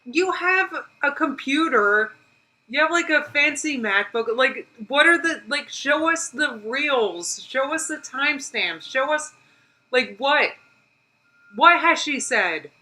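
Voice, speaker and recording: An American woman runs a live reaction stream, her voice bright, forceful and slightly high, with lively intonation and a slow pace. Exasperated, she argues with the clip, insists on proof and reads out viewer comments while laughing. The recording quality is low.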